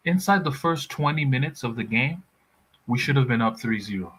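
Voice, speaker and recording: A man's voice: medium pitch, lively intonation, a little fast, fairly bright tone, breathy edge, poor audio. A man in a casual football chat, blunt and heated, swearing freely. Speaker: football pundit.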